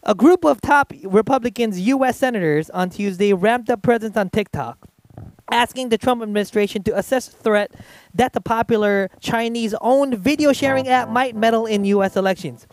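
A man's voice: sits high, normal speed, no room sound. A man co-hosting an improvised comedy stream, reading a news article in a laid-back way with some stumbles. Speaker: comedy show co-host.

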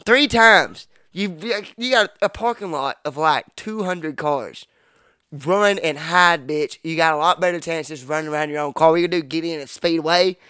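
A podcast co-host tells a profane story in casual chat, acting out what people said. His voice is a little high, bright and forceful, with a clean tone at a moderate pace and clean studio sound with no room noise.

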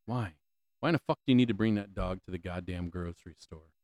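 Close-miked with no echo, this deep-voiced, slightly mellow man speaks at a quick pace while hosting a solo podcast. His rant is full of swearing, repeated questions, and stammering false starts.

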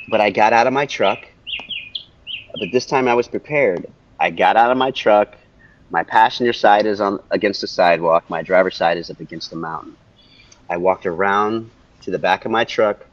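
Casting a lowish-voiced middle-aged man, excitable storyteller, muffled lo-fi sound. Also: moderate pace. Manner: animated, repeats phrases for emphasis. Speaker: interview guest. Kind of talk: telling a personal story. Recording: dull lo-fi audio.

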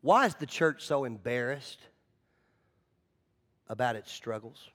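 Speaking slowly in a medium-pitched voice, a man preaches a conversational sermon as the pastor. His storytelling is animated, with acted-out voices and frequent repetition of words.

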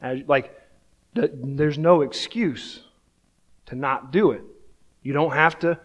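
A man's voice: fairly high pitch, slow, lo-fi sound. A man in his thirties, a pastor, preaching a sermon in a casual, self-deprecating storytelling way, often checking in with "right?".

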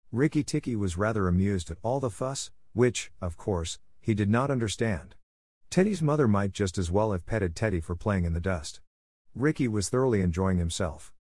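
A man reads a classic story aloud in a steady, clear manner. His voice sits low. The recording is dry and close, with no room sound. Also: dry recording. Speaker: narrator. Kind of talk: storybook narration for English learners.

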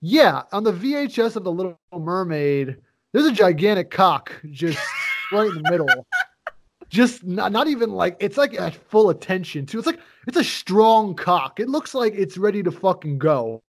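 A man's voice: high voice, sing-song, moderate pace, noisy background. A man co-hosting a podcast in casual chat, rambling through stories with loose profanity. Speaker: podcast co-host.

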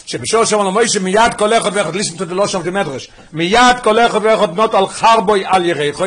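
A man giving a Torah class, rapidly explaining Midrash and mixing English with Hebrew and Yiddish terms, asking his listeners questions as he goes. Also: high voice, a bit bright, husky. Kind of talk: Talmudic lesson explaining Midrash.

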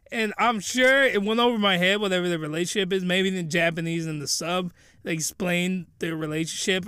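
High bright-voiced man doing comedic anime recap. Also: clear, resonant tone, no room sound, studio quality. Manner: rambling, incredulous, joking. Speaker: anime reviewer.

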